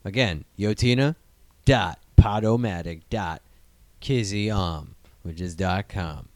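A man's voice: low voice, slow, dry recording. A man co-hosting a casual podcast, talking in a jokey, profane, rambling way. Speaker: podcast co-host.

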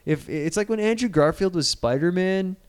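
Animated, sarcastic man with a smooth voice. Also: high-pitched, normal speed. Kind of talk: casual profane banter.

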